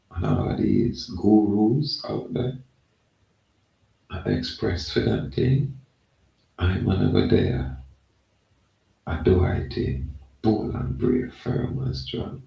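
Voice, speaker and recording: A man with a Jamaican accent talking in a loose, rambling monologue, often saying "yeah, man". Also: mellow. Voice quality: gravelly, low and slow. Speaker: channel host. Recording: echoey room, mic at a distance.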